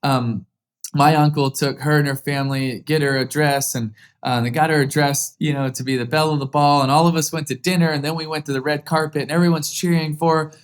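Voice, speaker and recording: A man in his thirties, the guest on an interview podcast, telling a story earnestly with many restarts and rising excitement. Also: fairly high pitch, fairly quick.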